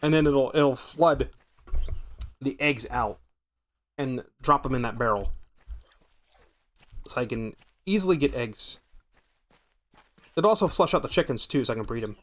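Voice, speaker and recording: A man's voice: mid-range voice, unhurried, pauses often, fairly bright tone. An American man giving casual, rambling gameplay commentary as a streamer, thinking aloud and swearing now and then. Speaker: gaming streamer.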